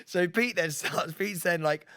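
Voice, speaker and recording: A man's voice: high voice, unhurried, clean tone, dry recording, studio quality. A man co-hosting a podcast in casual chat, telling stories with lots of laughter. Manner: laughs often while telling animated anecdotes. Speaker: podcast co-host.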